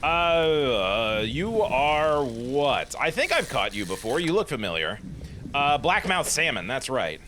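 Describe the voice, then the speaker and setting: A man's voice: medium pitch, very animated, a little slow, pushed and bright, slight background noise. A man hosting a casual let's play, commenting with wry, sarcastic asides.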